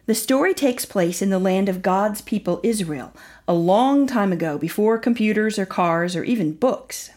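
A woman narrating a Bible story for children in an expressive way, dropping into dramatic whispers. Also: medium pitch, normal speed. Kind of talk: scripted narration.

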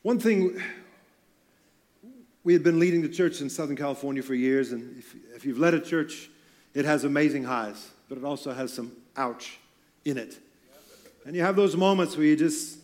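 High-voiced male pastor, conversational. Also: moderate pace, long pauses, a little mellow. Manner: conversational, joking asides. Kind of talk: sermon. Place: church auditorium on stage.

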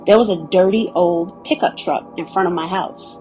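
A woman's voice: on the low side, normal speed, dark tone, soft background music. A woman giving scripted first-person narration of a story, telling it in a candid, wry way.

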